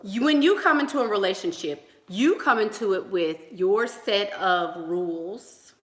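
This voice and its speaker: A woman's voice: mid-range voice, expressive, unhurried, fairly bright tone. A woman coaching on relationships in a casual livestream chat, chatty and emphatic, laughing between thoughts while she does her makeup at home. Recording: echoey room.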